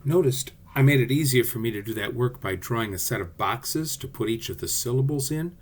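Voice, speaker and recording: A man's voice: mid-range voice, expressive, brisk, slightly rough. A male theatre teacher giving a friendly class video lesson, explaining directly to his students.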